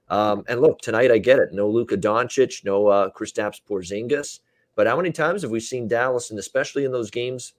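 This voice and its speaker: A man with a fairly low, dry voice talks through betting picks in a loose, casual way. He runs the panel and hands off to the others, with plenty of fillers. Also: no echo. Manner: loose, conversational, many fillers. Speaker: sports betting show host. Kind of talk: casual sports betting talk.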